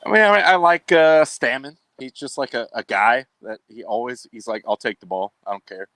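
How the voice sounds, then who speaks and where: Male host, relaxed wry sports banter, mid-range voice, dry recording. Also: mid-range voice, moderate pace, no room sound. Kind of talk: casual sports chat.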